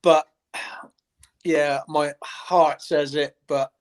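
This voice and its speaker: A man's voice: on the high side, fairly even intonation, very slow. A man giving earnest, plain-spoken thoughts as a guest pundit on a live fan show.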